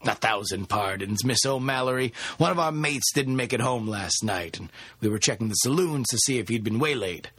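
A man's voice: mid-range voice, expressive, moderate pace, a bit bright, slightly rough. A man voicing an impish, lilting young sailor. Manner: impish lilt. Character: cheeky young working man, charming then panicked.

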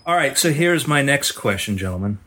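A man, a magician and podcast co-host, chatting casually and lecturing his friends with animated stories. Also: mid-range voice, a little fast, heavy background noise. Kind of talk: casual chat.

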